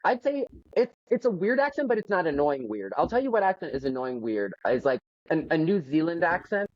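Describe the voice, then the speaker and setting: Joking woman in her forties, lively. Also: low-pitched, a little fast. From Florida, USA. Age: 40s. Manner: joking, talks over others. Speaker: podcast co-host. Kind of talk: casual podcast chat. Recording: dull lo-fi sound.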